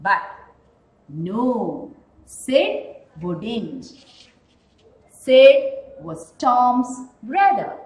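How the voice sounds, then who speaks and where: Slow, lively-voiced woman teacher. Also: fairly high pitch. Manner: explains slowly, repeating key words and asking questions. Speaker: English teacher. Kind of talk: recorded class lesson. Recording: roomy echoing room.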